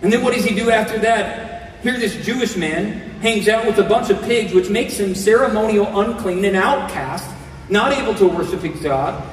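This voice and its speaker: A man preaches a sermon in an earnest way, moving between reading scripture and explaining it. His voice sits high and carries from some distance off the mic. A long, ringing reverb fills the hall around him. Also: normal speed, slight background noise.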